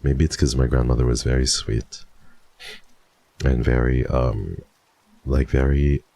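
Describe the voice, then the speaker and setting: Very deep, gravelly-voiced male streamer. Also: a little slow. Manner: relaxed and chatty, often breaking into soft laughs. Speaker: VTuber streamer. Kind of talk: casual chat with live stream viewers.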